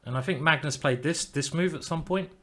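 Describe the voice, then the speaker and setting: A man's voice: on the high side, a little fast, pushed and bright. A man, commenting chattily and rambling a bit as he plays chess on a live stream. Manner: chatty, rambling, with mild swearing. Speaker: chess grandmaster streaming his games.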